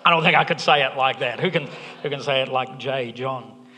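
A man's voice: mid-range voice, fairly quick, bright, forceful tone, a little hiss or hum. A man preaching a sermon as pastor, conversational and earnest with joking asides. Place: church hall. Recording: long hall reverb, faint music.

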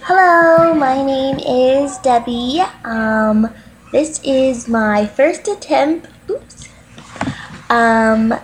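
A woman's voice: high-pitched, very slow, a little hiss or hum, rough recording. A woman playing a nervous, tearful cat-obsessed single in a comedy dating video, hesitant with lots of ums and sobbing. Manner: hesitant, full of ums, breaking into sobs.

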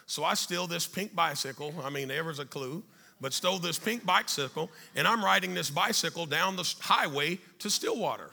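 A middle-aged man telling a life story to an audience, animated and then dropping quiet and serious. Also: on the high side, gravelly. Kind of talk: storytelling talk.

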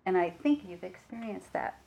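A woman giving a dharma talk as a meditation teacher, reflective and unhurried, with frequent pauses and fillers. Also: fairly low pitch, expressive, creaky, mellow.

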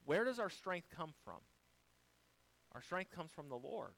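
A male pastor preaching a sermon, swinging from quiet, low passages to loud, high-pitched exhortations. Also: expressive, unhurried, no room sound, poor audio.

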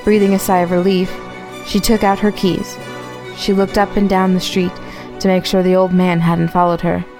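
A woman with a somewhat low voice reads a spooky tale in a storyteller's manner. Soft music plays faintly in the background. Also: flat delivery, normal speed. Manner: spooky storyteller turning sarcastic.

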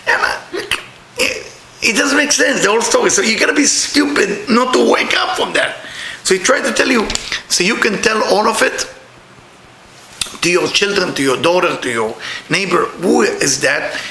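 Animated, high-voiced man preaching a sermon. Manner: animated, breaks into laughing exclamations; non-native English with slips. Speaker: spiritual teacher. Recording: echoey room with faint noise.

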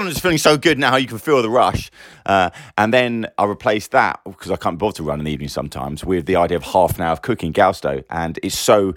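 Middle-aged man, very deep voice, rambling and animated, close dry mic. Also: no room sound. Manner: rambling, animated, frequent restarts. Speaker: business owner vlogger. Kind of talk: casual personal monologue.

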